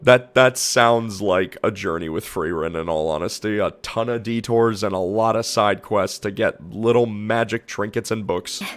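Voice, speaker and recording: A man streaming, giving excited reaction commentary with loud gushing outbursts. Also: lowish voice, normal speed, few pauses.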